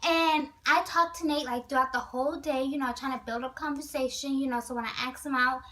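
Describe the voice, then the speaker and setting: A woman vlogger telling a storytime to her viewers, chatty and animated, with many asides. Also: high-pitched, a little fast, far from the mic, rough recording. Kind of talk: storytime vlog.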